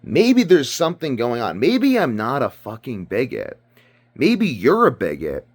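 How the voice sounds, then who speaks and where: A man from Britain giving rambling casual commentary, ranting and profane, full of fillers. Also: medium pitch. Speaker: video commentator.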